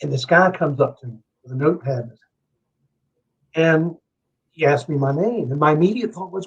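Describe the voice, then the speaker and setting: This middle-aged guest from Savannah, Georgia, swears freely while telling a long, heated story on a podcast, wandering off into asides. His slightly rough voice sits on the high side, at a normal speed. The casual storytelling is recorded in dull, lo-fi podcast sound.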